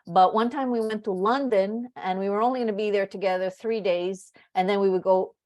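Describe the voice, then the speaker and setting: A woman's voice: medium pitch, fairly even intonation, brisk, darkish tone. A woman on a video call, a workshop participant chatting and laughing as she shares funny stories. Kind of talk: casual storytelling.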